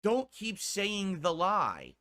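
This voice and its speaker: A man from the United States rants on a stream in a higher-than-usual, bright, pushing voice. He sounds indignant and swears freely. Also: huge pitch swings, slow. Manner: indignant, profane ranting. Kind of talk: ranting commentary on a stream.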